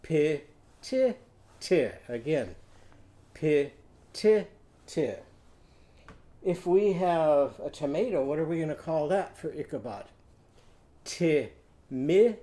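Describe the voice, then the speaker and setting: A man's voice: on the high side, animated, moderate pace, hardly any pauses, dark tone. A man teaching a children's literacy lesson, leading call-and-response and drawing out syllables for kids to repeat.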